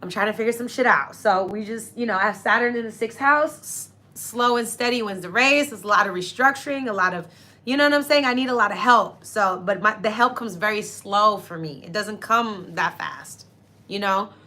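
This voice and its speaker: Tearful with happiness, a young woman hosting a casual astrology livestream thanks her viewers effusively and speaks straight to them. Her medium-pitched voice sounds pushed and bright, at a normal speed.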